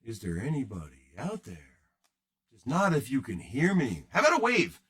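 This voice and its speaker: A man's voice: medium pitch, wildly swooping pitch, normal speed, fairly bright tone. A man hosting a card-breaking livestream, rambling and joking casually with his viewers in chat.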